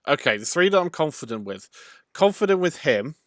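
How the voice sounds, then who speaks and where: A man's voice: on the high side, sing-song, a little fast, no room sound, clean studio sound. A man hosting a let's play, thinking aloud as he reasons through a puzzle game. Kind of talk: gameplay commentary.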